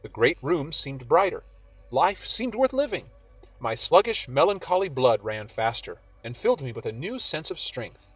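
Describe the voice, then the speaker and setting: Guy reading a scary story, big swings in his voice, kinda breathy, dry close mic. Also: fairly high pitch, moderate pace, no room sound. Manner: expressive, dramatic reading. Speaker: story narrator. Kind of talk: scripted horror story reading. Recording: dull audio with faint music.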